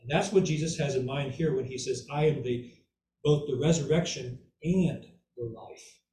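A man's voice: medium pitch, normal speed, mellow, slight background noise. A man giving an informal Bible teaching who keeps checking in with "okay?" and "right?" and repeats words for emphasis. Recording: echoey room, mic far off, faint ambience.

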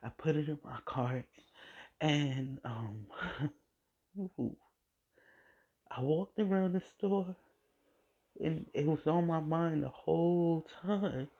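A woman hosting a podcast, telling a personal faith testimony in an emotional, halting way and often repeating her phrases. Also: low voice. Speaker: podcast host. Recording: dull lo-fi recording.

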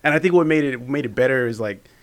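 A man's voice: mid-range voice, quick pace. A man co-hosting a podcast in casual chat, laughing often. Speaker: podcast co-host.

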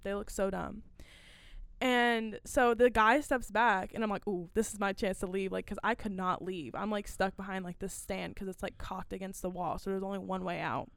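A teenage girl and podcast guest, telling a work story in a casual, animated way, full of "like" and acted-out dialogue. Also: medium pitch, moderate pace, gravelly, dry recording, clean studio sound. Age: teens. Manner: animated, filler-heavy retelling with quoted dialogue.

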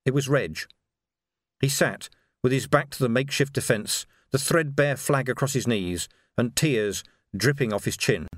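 A man narrating an audiobook in a steady, measured storytelling voice. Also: mid-range voice, no echo, clean studio sound.

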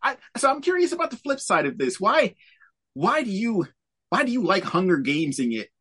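A man co-hosting a podcast in casual chat over a video call, animated and laughing often. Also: high voice, fairly quick, husky. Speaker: podcast co-host.

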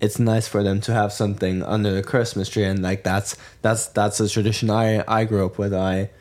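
Rambling young man, low voice. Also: flat delivery, brisk, darkish tone. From Germany. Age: young adult. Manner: rambling, many restarts and fillers. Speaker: podcast co-host. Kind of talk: casual chat.

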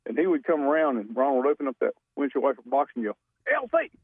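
A man rambles through a folksy story as a radio caller. His voice sits at an ordinary pitch. It comes down a dry, tinny phone line. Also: breathy edge, no room sound. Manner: folksy, drawn-out, rambling anecdotes. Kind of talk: storytelling on a call-in show.

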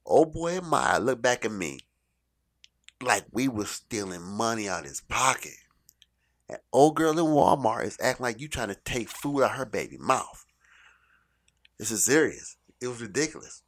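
A middle-aged man telling a stand-up comedy story in an animated, profane way, swinging between loud bursts and quiet asides. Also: medium pitch.

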